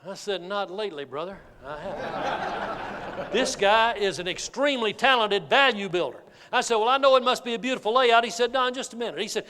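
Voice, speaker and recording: A man giving a keynote sales speech, telling a folksy, animated story to a live audience. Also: extremely high pitch. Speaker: motivational sales speaker. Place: large hall with an audience. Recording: reverberant hall.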